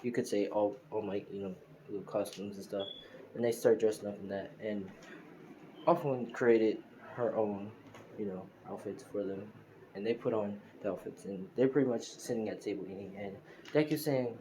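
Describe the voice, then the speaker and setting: A man rambles through a made-up story with plenty of fillers and self-corrections. His voice sits low and sounds dark and mellow. A faint noise runs underneath. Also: moderate pace, poor audio. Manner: rambling, many fillers and restarts. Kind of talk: casual improvised fan story narration.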